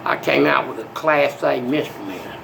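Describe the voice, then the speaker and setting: An older man in a rambling monologue that swings from soft to menacing. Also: mid-range voice, moderate pace, gravelly, noisy background.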